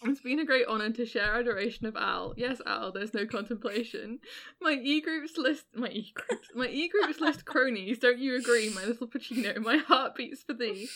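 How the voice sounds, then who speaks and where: A woman's voice: a little high, normal speed, fairly bright tone. A young woman co-hosting a casual chat, giggling as she reads a fan poem aloud with mock drama. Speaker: podcast co-host.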